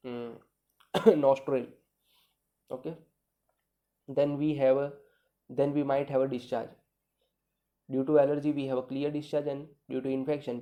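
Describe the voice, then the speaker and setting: A man's voice: mid-range voice, dark tone. A man giving a medical video lecture, talking conversationally, repeating key points and checking in with "okay" and "right".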